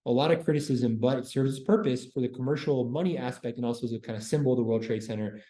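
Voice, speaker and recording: A man giving a casual classroom history lecture as a university lecturer, breaking it up with deadpan joking asides. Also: medium pitch, fast talker. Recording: roomy classroom echo.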